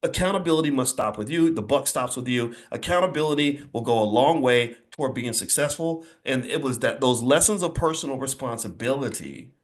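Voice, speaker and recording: A man's voice: mid-range voice, brisk, hardly any pauses. A middle-aged man giving an emphatic, preachy motivational speech to an audience, telling stories with energy. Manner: preachy, emphatic, animated storytelling. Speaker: speaker addressing an audience.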